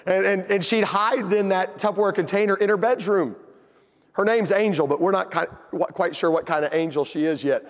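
A man telling a humorous family story in a sermon, folksy and animated. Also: high-pitched, fairly quick, in a large hall. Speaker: pastor.

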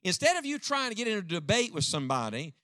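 An older man preaches with a rousing, dynamic delivery and keeps calling on the congregation to answer him. His voice sits high and bright. The sound is dry and close. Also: big pitch swings, fast, dry recording. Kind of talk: sermon. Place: church before a live congregation.

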